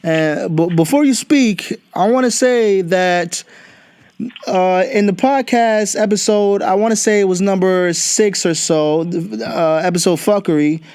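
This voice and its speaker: A man's voice: high voice, a little slow, a little mellow, clear, resonant tone. A young man hosting a podcast, ranting bluntly and profanely in casual talk. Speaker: podcast host. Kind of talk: casual political rant.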